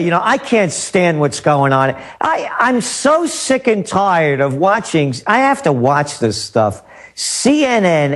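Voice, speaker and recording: A man speaking as a guest forecaster in a talk radio interview, indignant and scornful. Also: high voice.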